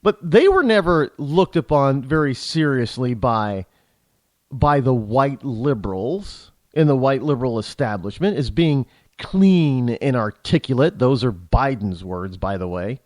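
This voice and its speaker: A man's voice: mid-range voice, expressive, a little slow, darkish tone, no room sound. A man hosting a talk show, delivering a rambling, indignant political commentary monologue full of restarts and repeated words.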